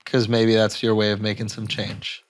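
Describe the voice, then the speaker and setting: A man's voice: on the low side, monotone, normal speed. A man hosting a podcast, chatting in a supportive, conversational way. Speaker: podcast host.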